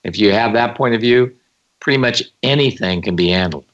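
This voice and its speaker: A man's voice: lowish voice, brisk, fairly bright tone, lo-fi sound. A man co-hosting a call-in show, giving firm, blunt advice. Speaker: co-host.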